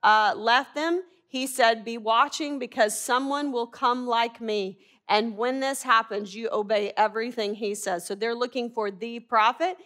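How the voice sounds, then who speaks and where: A woman preacher delivers a sermon with emphasis, her voice sitting a little high. She pushes her points with rhetorical questions and reads scripture aloud. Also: fairly even intonation, measured pace, hardly any pauses, fairly bright tone.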